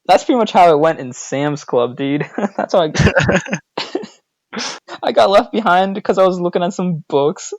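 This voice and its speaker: A man's voice: high voice, animated, normal speed, pauses often, no echo, low-quality recording. A man co-hosting a podcast, telling a childhood story in a casual chat and laughing often as he goes. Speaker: podcast co-host.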